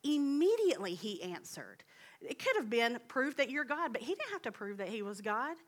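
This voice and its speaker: A young woman giving a heartfelt sermon in a church, earnest and personal, sometimes dropping into soft hushed asides. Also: fairly high pitch, sing-song, normal speed. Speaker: guest speaker at church. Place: church sanctuary.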